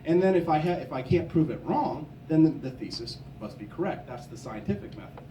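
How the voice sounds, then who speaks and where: A young man from Missouri delivers a combative stump speech, his fairly high voice soft and mellow rather than bright. He stands well back from the microphone. His words ring through a reverberant convention hall. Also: animated, fairly quick, slight background noise. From Missouri, USA. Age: young adult. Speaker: political candidate. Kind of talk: campaign speech. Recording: echoey hall, from a distance.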